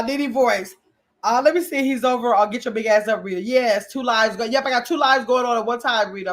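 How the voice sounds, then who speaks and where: A woman with a voice a little higher than most hosts a livestream from her home computer. She reads viewer comments aloud and chats with the audience in a loose, casual way. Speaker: livestream host reading chat.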